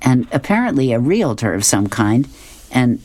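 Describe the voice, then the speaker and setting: A woman's voice: very deep voice, big pitch swings, normal speed, warm tone. A woman reading comic strips aloud, amused and chuckling between them.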